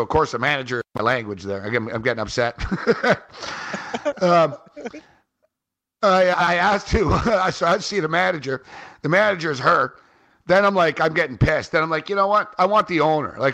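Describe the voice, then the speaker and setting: A man co-hosting a sports radio show, telling a rambling story in casual chat and peppering it with "like" and "man". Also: on the high side. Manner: animated, rambling, frequent "like" and "man". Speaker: fantasy sports radio co-host. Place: on a trip in Halifax.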